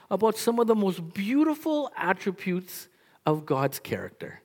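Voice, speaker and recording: A pastor delivers a sermon in a loose, chatty way, full of "like" fillers and quick restarts. The pitch swings widely from phrase to phrase. The delivery stays animated and informal throughout.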